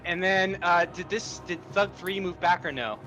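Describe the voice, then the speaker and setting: A man with a bright, slightly high voice describes his character's actions in a tabletop game. He talks in a loose, rambling way. Soft music plays behind him. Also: normal speed, rough recording. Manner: loose descriptive narration with fillers. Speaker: player.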